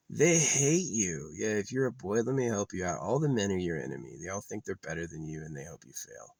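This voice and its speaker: A man's voice: on the low side, lively intonation, a little fast, gravelly, hardly any pauses, a little mellow, no room sound, low-quality recording. A man vlogging in a casual, rambling monologue, talking off the cuff with plenty of profanity.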